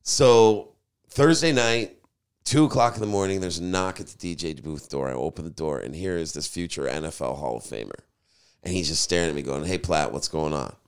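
A man, a podcast host and DJ, telling a story in casual chat, animated and swearing freely. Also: low-pitched, a little fast, clean tone.

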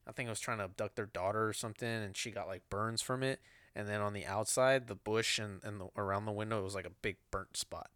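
A man's voice: fairly low pitch, fairly even intonation, quick pace, a bit bright, no echo, clean studio sound. A man co-hosting a podcast, swearing freely as he speculates in loose casual chat.

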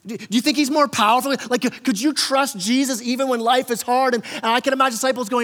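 A man's voice: very high voice, animated, fast, hardly any pauses, a bit bright, long reverb tail. A man preaching a conversational sermon as pastor, often repeating words and acting out quotes. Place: church hall.

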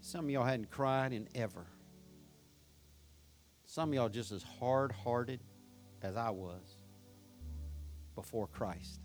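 This is a man in his 50s, a pastor with a mid-range voice, delivering a sermon in church. He alternates between loud passion and quiet intimacy, telling folksy tales filled with rhetorical questions.

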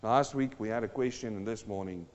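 A man preaching a sermon as pastor, moving between low, earnest talk and loud, fervent declarations. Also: a little fast, big-room sound, highs cut off. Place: church.

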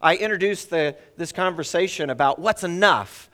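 A man's voice: on the high side, moderate pace, a bit bright. A middle-aged man preaching a storytelling sermon at a church service. He acts out dialogue in different voices and puts rhetorical questions to the congregation. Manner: asks the audience rhetorical questions.

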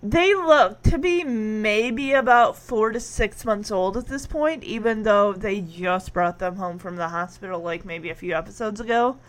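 A woman's voice: mid-range voice, unhurried, hardly any pauses. A woman casually recapping a sitcom episode, chatty and giggly, acting out the characters' lines.

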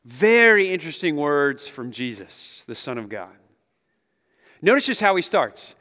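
A man in his thirties, a pastor giving a conversational, animated sermon and chuckling often as he speaks to the room. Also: on the high side, a little slow. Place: large hall with an audience. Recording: long echo of a big hall.

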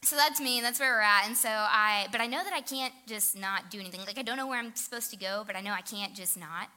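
A woman's voice: medium pitch, fast talker, sharp tone. A woman telling a self-deprecating story in a casual sermon, saying "like" often. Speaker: teacher and speaker.

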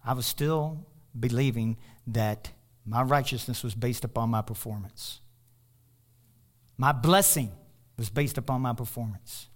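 A man preaching a sermon as pastor, passionate, climbing into loud, high bursts and then dropping to soft, low asides. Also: a little slow. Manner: animated storytelling with laughter.

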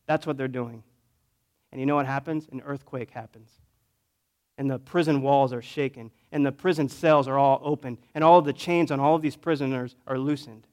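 A man, a pastor, preaching a storytelling sermon in a conversational way, swinging between loud emphasis and quiet asides. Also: mid-range voice, fairly even intonation, moderate pace.

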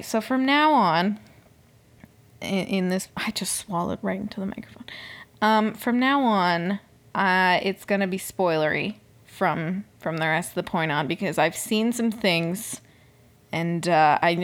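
Young woman, podcast host, casual recap chat, lively swooping pitch, chatty and expressive, drops to whispers, swears. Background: air conditioner noise.

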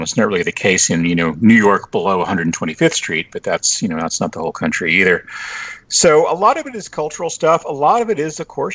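Deep, dry-voiced man, wry and lively. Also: breathy edge, no room sound. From Texas Panhandle. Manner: lively, wry, many "you know" fillers. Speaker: guest journalist. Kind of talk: casual podcast conversation.

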